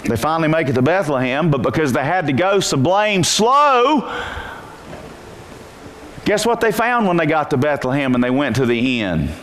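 A pastor preaching a sermon in church, telling the story with energy and moving from quiet asides to shouted peaks. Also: male voice, on the high side, expressive, normal speed, slight background noise.

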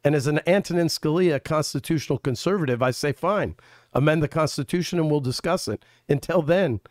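A man's voice: a little high, brisk, dry recording, studio quality. A man speaking as a Senate candidate in a casual political chat, an emphatic storyteller who quotes people in his anecdotes.

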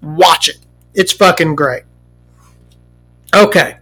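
A woman hosting a casual talk show, ranting in a profane, animated, rambling way. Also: deep voice, slow.

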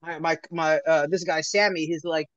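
Animated, laughing podcast storyteller man. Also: on the high side, normal speed, no room sound. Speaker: podcast co-host. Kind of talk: casual chat, storytelling. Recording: dry, slightly muffled lo-fi audio.

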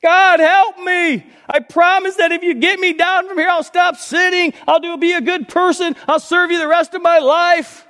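A man voicing a frantic man dangling from a cliff branch, yelling and pleading for help. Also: very high-pitched, fairly even intonation, moderate pace, hardly any pauses, pitched above the performer's own voice. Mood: panicked shouting.

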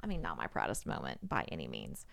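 A woman's voice: extremely low pitch, fast, creaky. A middle-aged woman, a podcast guest, telling a story casually and acting out the voices of the people in it. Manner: animated, acts out quoted voices.

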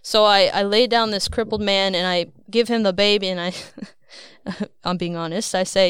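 A woman guest telling her dream in a loose, rambling way, laughing a little at herself now and then. Her voice is very smooth and resonant, and it sits close and dry on the mic. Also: mid-range voice, normal speed, dry recording. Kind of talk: casual storytelling.

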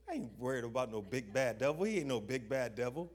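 A young adult man preaching a sermon, emphatic, asking the listeners questions and reading scripture slowly with stress. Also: medium pitch, animated. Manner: emphatic, call-and-response questions; slow stressed scripture reading, informal grammar.

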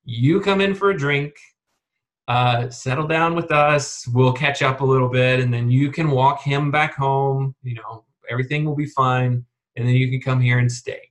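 A man voicing a flattering, scheming host in a casual book retelling, coaxing and fawning. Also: mid-range voice, moderate pace, close to an everyday voice.

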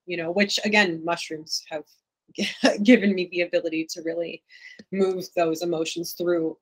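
A woman's voice: lowish voice, fairly even intonation, moderate pace, poor audio. A young adult woman speaking candidly and reflectively as an interview guest, with many filler words. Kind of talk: casual interview talk.

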